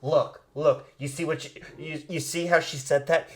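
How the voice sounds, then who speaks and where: A man's voice: on the high side, fairly even intonation, normal speed, natural voice. A man putting on a pushy Russian stage mother. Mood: insistent. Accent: mock Russian. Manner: insistent, drilling. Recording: roomy echo.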